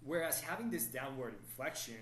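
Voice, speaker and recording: A male dating coach talks through his ideas at a measured, explanatory pace and keeps checking in with a quick "right?". His voice sits at a middle pitch. The room is echoey, with faint ambience behind him. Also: a little hiss or hum. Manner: explanatory, steady, asks "right?" often. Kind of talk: podcast interview, explaining.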